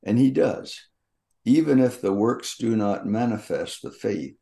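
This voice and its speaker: An older man on a Bible podcast, slowly teaching and reading scripture aloud in a measured way. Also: lowish voice, animated, creaky, dark tone.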